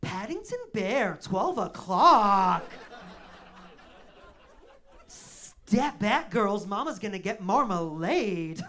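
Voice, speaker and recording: Brief: brassy young woman, loud, drawn-out delivery; male comic doing the voice. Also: high voice, big pitch swings, full character voice. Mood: sassy. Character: brash young American woman in a bar.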